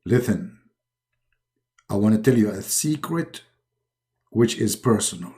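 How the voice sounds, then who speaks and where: A deep, slow mock-solemn deity who drones out every word like a decree, as a man puts him on. The voice sits low and quiet and stretches each phrase out. The drawn-out delivery gives it a heavy, pompous weight. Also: lively intonation.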